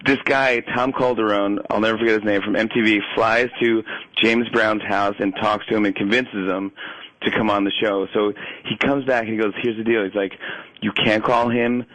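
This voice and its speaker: A man telling stories as a guest on a casual radio interview, animated and laughing often, with many restarts. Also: fairly low pitch, fairly quick, no echo, low-quality recording. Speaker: talk show host as guest.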